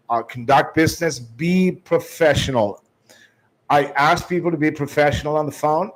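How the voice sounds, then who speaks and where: Guy coaching sales closers, emphatic, keeps restarting, swings loud and soft to show tone. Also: medium pitch, rough recording. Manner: emphatic, shifts tone and volume to demonstrate; restarts often. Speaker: sales trainer. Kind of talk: sales training talk.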